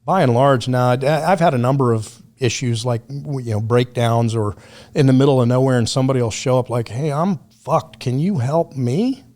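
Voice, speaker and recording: A man of middling pitch talks into a podcast mic, relaxed and unhurried as he spins stories. His manner is blunt and salted with swearing. It sounds like casual chat between friends. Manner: blunt, profane, laid-back storyteller. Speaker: podcast guest.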